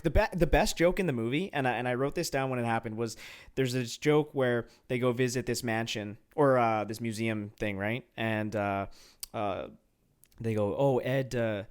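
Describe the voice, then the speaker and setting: A man with a mid-range voice co-hosting a film podcast. He rants in an animated, exasperated tone and often stammers and restarts his sentences. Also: medium pitch. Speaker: podcast co-host. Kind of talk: casual film review chat.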